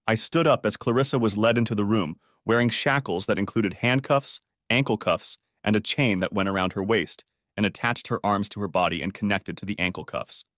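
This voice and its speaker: A man narrating a first-person story audio book in a steady, matter-of-fact way. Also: on the low side, no room sound, clean studio sound. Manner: steady, matter-of-fact, stern when confronting.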